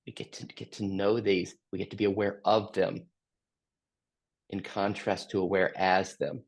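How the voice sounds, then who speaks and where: A man facilitating a group session, gently asking slow, open questions. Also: low voice. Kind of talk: guided group reflection.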